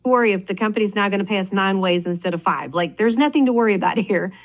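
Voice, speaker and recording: A woman leading a sales team, telling an energetic story about her business in a conversational interview, often asking "right?" and saying "like". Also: mid-range voice, fast. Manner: enthusiastic, animated, frequent "right?" and "like". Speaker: network marketing leader.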